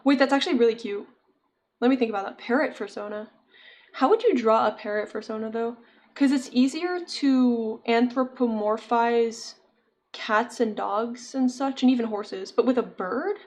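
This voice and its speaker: A woman's voice: fairly high pitch, moderate pace, darkish tone. A young woman chatting casually with her viewers while she crochets, giggling often and answering chat. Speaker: streamer.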